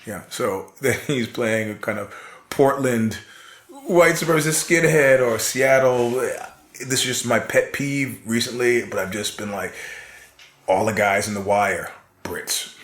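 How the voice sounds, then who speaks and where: A man's voice: medium pitch, a little slow, fairly bright tone. An American man, a podcast guest, telling stories in casual conversation, emphatic and laughing often, with some swearing. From United States. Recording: roomy echo.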